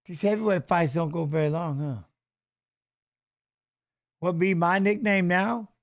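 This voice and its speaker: A middle-aged former fighter hosting a casual live stream, rambling through stories and swearing freely. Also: male voice, high voice, a little slow. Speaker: show host and former fighter.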